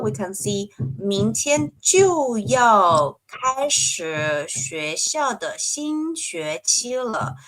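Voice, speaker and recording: A woman's voice: medium pitch, fairly bright tone, low-quality recording. A woman co-hosting a Chinese grammar lesson, explaining carefully and giving examples. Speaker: Chinese teacher.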